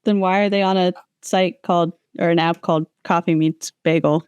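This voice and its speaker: A young woman guest on a podcast in casual chat, making dry, deadpan remarks with hesitant fillers. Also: fairly low pitch, normal speed, clean tone, no room sound, highs cut off.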